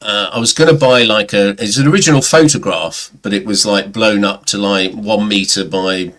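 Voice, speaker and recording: A middle-aged man with a lowish voice tells long, rambling stories in a casual livestream chat. He wanders through them and now and then mimics someone else's voice. He is heard through a home computer mic. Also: normal speed, a bit bright. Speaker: guest. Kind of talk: casual chat about records. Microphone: webcam or computer mic on a livestream.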